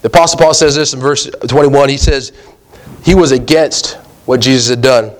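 A man's voice: mid-range voice, moderate pace. A man preaching a sermon, reading scripture aloud and then asking his listeners emphatic, rising questions in a conversational way. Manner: addresses listeners as guys, reads scripture aloud.

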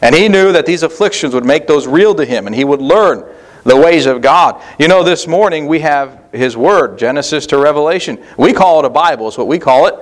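A man preaching a sermon in an earnest, repetitive cadence with measured pauses. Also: a little high, animated. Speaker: pastor.

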